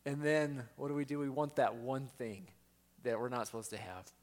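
A man's voice: mid-range voice, moderate pace. A man preaching a sermon in a conversational way, often asking his listeners questions.

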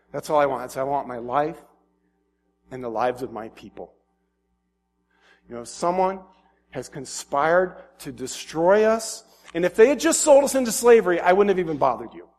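A man voicing a young queen who pleads softly and earnestly. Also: a little high.

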